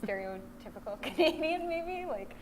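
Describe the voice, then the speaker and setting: A woman chatting casually on a live stream, thinking out loud as she guesses. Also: high voice, expressive, moderate pace, background noise.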